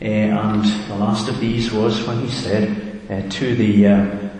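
A man with a fairly low voice preaches a reflective sermon and keeps asking his listeners questions. His voice rings out in a big hall with long reverb and a faint hiss underneath. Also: level tone, slow pace, dark tone.

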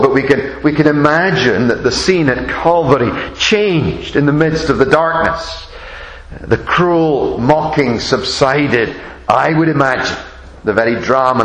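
Male preacher, reflective sermon delivery, unhurried, echoey church sound. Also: medium pitch, fairly bright tone. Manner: slow, measured, reflective delivery with frequent restarts. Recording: echoey room.

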